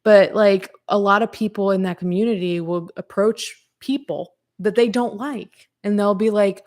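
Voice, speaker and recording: A woman's voice: medium pitch, moderate pace, few pauses, a little mellow. A woman hosting a podcast livestream, rambling casually with lots of fillers and restarts, frank and sometimes swearing, answering her chat. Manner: talks to live chat readers. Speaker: podcast host.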